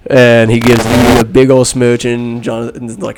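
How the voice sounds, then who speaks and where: A man hosting a podcast, telling a movie recap in a rambling, animated way and acting out the characters' lines. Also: medium pitch, fairly quick, hardly any pauses, a little hiss or hum. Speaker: podcast host. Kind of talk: casual solo movie recap.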